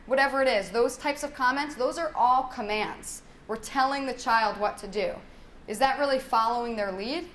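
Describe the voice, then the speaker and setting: Leading a parenting workshop in a workshop room, a young adult woman who works as a speech-language pathologist speaks at normal speed in a fairly high, somewhat bright voice, with a little hiss or hum present. Her style is conversational; she keeps checking in with "right?" and acts out how children talk in a lilting singsong.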